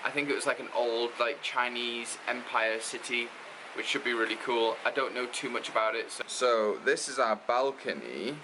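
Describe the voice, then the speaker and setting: A man with a Geordie accent walks around a city outdoors, narrating a casual travel vlog in a loose, rambling, chatty way full of fillers, especially "like." His voice is mid-range at a normal speed, with background noise.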